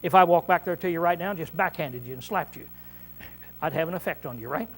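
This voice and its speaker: A man preaching a conversational Bible-study sermon, often clearing his throat and checking in with "see?" as he repeats and restarts phrases. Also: fairly high pitch, fast talker, slight background noise. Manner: repetitive, restarts mid-phrase.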